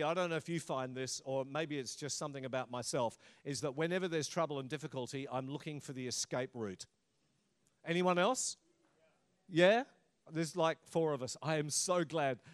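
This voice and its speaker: Conversational preaching man, higher voice. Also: normal speed. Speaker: pastor. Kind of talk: sermon.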